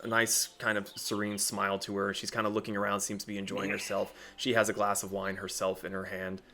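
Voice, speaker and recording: A man narrating as game master, casual and profane, with many pauses and fillers. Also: fairly low pitch, monotone, pushed and bright.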